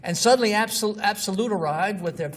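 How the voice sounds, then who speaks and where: High-voiced man lecturing from afar. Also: fairly quick. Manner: blunt, scoffing asides. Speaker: marketing lecturer. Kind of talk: informal lecture with examples. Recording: distant mic with faint noise.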